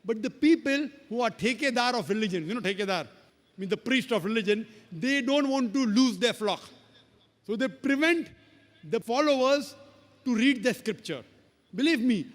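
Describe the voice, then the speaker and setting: Emphatic man in a reverberant hall. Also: extremely high pitch. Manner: emphatic, repetitive, preacher-like. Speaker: speaker answering audience questions. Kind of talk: public lecture Q&A. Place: large lecture hall. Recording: long reverb of a lecture hall.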